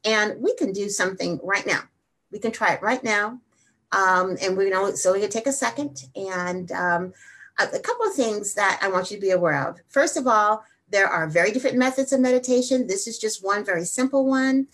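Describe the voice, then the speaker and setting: A woman hosting a wellness show, talking energetically and then slowing down to guide a simple meditation. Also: mid-range voice, a bit bright. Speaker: wellness host.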